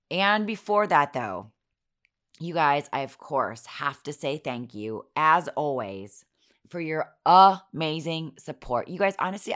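Hoarse, giggly low-voiced woman. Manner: giggly, self-mocking, animated. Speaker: podcast host. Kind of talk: casual chatty storytelling.

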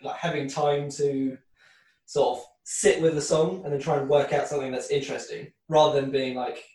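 A male drummer thinks aloud in unhurried, halting phrases. His voice comes from well back from the mic in a strongly echoing room, with the sound washing around him. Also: medium pitch, fairly even intonation, a little mellow. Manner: slow, hesitant, thinking aloud. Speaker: band drummer. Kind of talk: casual interview chat. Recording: very echoey room, distant mic.

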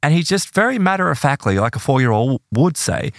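A man in relaxed conversation, recounting a case with lively, swooping intonation. He jumps into the voices of the people he quotes. The sound is dry and close. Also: a little fast, creaky, no room sound. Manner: animated, acts out quoted voices with big pitch jumps. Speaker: podcast guest telling case stories. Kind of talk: casual storytelling conversation.

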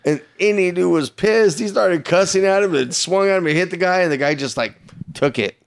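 A man's voice: high voice, fairly quick. Profane laid-back man telling a story. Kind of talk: casual storytelling chat.

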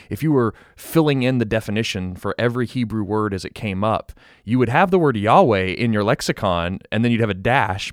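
A man's voice: lowish voice, no echo, clean studio sound. A man co-hosting a casual Bible discussion, explaining at length with frequent restarts and asides. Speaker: Bible study co-host.

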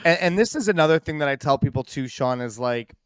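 A man's voice: on the high side, animated, fast talker, clean tone, no echo. A man co-hosting a podcast, sardonic and rambling, full of fillers. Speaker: podcast co-host. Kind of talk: casual podcast chat.

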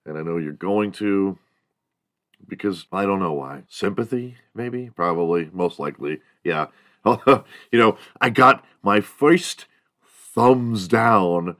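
Low-voiced dude doing a podcast monologue, hyped and swearing, super dry mic. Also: male voice, slow pace, a bit bright, no echo. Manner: hyped, rambling and profane. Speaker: podcast host. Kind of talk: casual comedy podcast monologue.

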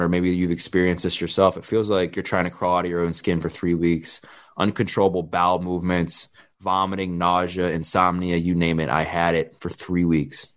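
Frank storytelling man, slightly low voice. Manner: frank, plain-spoken, acts out quoted dialogue. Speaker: fitness trainer telling his life story. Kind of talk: candid personal storytelling.

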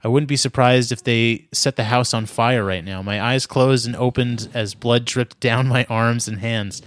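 Male podcast host, mid-pitched, doing a mock-serious read of an overwrought story; dry, close mic. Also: fairly even intonation, normal speed, dry recording. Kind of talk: dramatic reading with banter.

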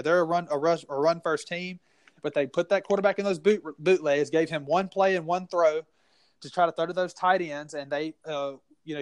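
Man, Southern US accent, high voice, dry close sound, rambling football talk, heated, lots of restarts. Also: no echo. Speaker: sports podcast co-host. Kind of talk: casual sports talk.

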